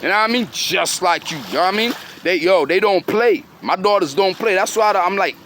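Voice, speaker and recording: A man's voice: high voice, expressive, quick pace, a bit bright, slight background noise. A middle-aged man giving a rambling, preachy monologue to his children and followers. He talks in street slang and keeps throwing questions at his listeners.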